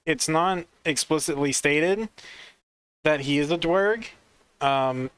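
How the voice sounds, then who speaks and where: Brief: halting, slow-talking man, casual co-host, smooth clear voice. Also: a little high, fairly bright tone. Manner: halting, many restarts. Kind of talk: casual chat.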